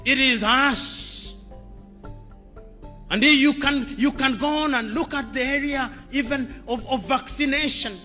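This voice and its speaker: High-voiced man giving a fiery speech. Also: measured pace, pushed and bright. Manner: impassioned, rhetorical questions, emphatic repetition. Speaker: public speaker. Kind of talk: formal public speech. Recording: reverberant hall with music added.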